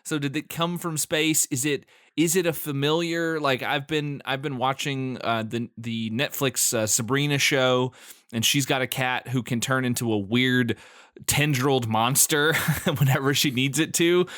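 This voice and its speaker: A man's voice: medium pitch, steady tone, unhurried, a bit bright, dry recording, clean studio sound. A man co-hosting a movie podcast in casual chat, laughing often as he recaps scenes and speculates about the plot. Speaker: podcast co-host.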